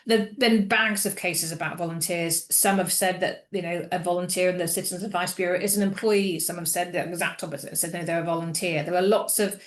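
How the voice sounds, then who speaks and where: A woman's voice: lowish voice, fairly even intonation, a little fast, hardly any pauses, reverberant. A woman presenting an employment law webinar, talking with many fillers and restarts. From United Kingdom. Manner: hesitant, frequent fillers and restarts.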